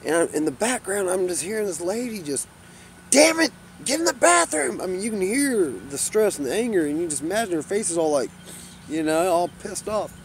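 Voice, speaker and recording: A man rambling in a casual vlog, swearing freely and saying "you know" constantly, and getting loud and heated when he tells a story. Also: sits high, expressive, fairly quick, slight background noise. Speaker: vlogger. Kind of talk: rambling casual monologue to camera.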